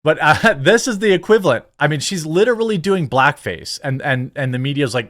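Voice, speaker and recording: A man's voice: a little high, animated, brisk, a bit bright. A middle-aged man hosting a political commentary channel, ranting in an indignant, sarcastic and emphatic way.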